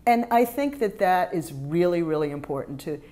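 A middle-aged woman, a former high school teacher, talking casually and with feeling, acting out classroom exchanges. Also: normal speed. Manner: animated and emotional, acts out classroom exchanges. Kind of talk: casual interview talk about teaching poetry.

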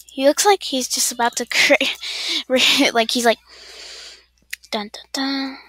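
A woman's voice: high voice, steady tone, moderate pace, bright, forceful tone, no echo. A woman streamer chatting casually while playing a game, rambling and talking to her chat.

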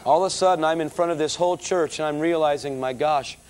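A middle-aged man preaching, telling his conversion story in a lively storytelling manner and calling the audience folks. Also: on the high side, fast talker. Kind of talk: testimony sermon.

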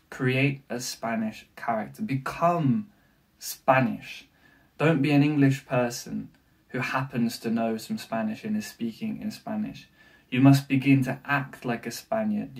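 Slow, emphatic male language coach. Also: mid-range voice, far from the mic. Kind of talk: motivational language-learning advice.

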